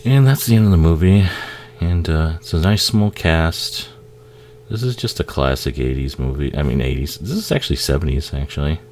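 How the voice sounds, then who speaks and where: A man giving a casual, profane movie commentary, laughing often and acting out the characters in quick asides. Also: rumbling low, animated, a little mellow, slight background noise.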